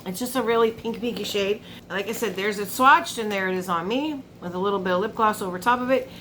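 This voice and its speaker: A woman beauty vlogger chatting casually at her makeup table while unboxing products, telling stories with animated asides to her viewers. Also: mid-range voice, fast talker, slight background noise.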